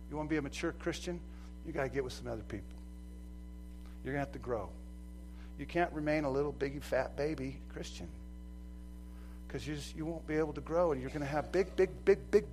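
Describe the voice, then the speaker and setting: A man preaching a sermon as pastor, animated, acting out quoted voices and swinging from loud to soft. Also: on the high side, low-quality recording. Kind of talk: lively sermon.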